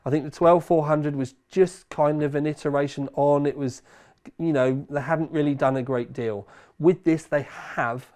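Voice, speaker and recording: A man's voice: fairly high pitch, fairly even intonation, normal speed, dark tone. Chatty British man reviewing tech. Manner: conversational, rambling with self-corrections. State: slightly hoarse, recovering from illness. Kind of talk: casual review chat.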